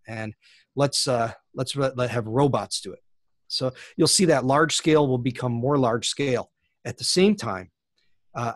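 A man's voice: mid-range voice, no echo. A middle-aged man, a plant scientist, giving thoughtful interview answers with frequent fillers and restarts.

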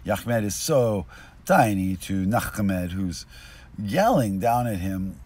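Low-voiced rambling street joke-teller man. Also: expressive, slow pace, husky. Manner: rambling, loses his thread, swings between mutters and shouts. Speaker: street storyteller. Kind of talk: casual rambling joke-telling. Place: outdoors on a street. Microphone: binaural recording.

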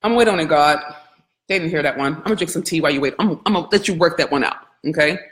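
A woman business coach giving a live training, candid and animated, swearing freely and calling her audience y'all. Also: sits low, rapid-fire, roomy sound.

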